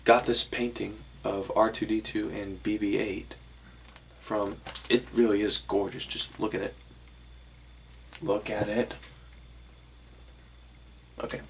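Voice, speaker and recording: Flat-voiced young man with a gravelly edge. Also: lowish voice, slow, pauses often, a little hiss or hum. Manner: rambling, self-correcting, shows items to camera. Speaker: vlogger. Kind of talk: casual vlog talk to camera.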